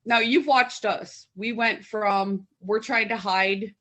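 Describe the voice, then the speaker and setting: A woman's voice: mid-range voice, slow, sharp tone. A woman co-hosting a podcast, asking questions casually and encouraging the guest. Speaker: podcast co-host. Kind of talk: casual interview chat.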